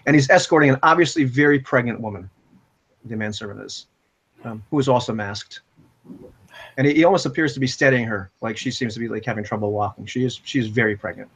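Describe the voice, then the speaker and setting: A man's voice: mid-range voice, quick pace, fairly bright tone, slightly rough. A man narrating a tabletop role-playing game as game master, rambling with many fillers and chuckling often. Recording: dull lo-fi recording.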